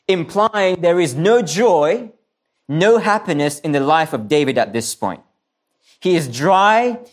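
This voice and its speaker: A man preaching a sermon, earnest and repeating key phrases for emphasis, sometimes restarting his words. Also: high-pitched. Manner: restarts and stumbles on some words.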